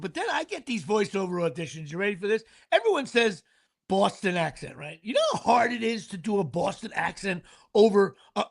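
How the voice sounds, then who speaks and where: A man's voice: high-pitched, gravelly, a bit bright. A middle-aged man hosting a casual podcast, telling rambling stories full of fillers and restarts. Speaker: podcast host. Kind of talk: casual chat.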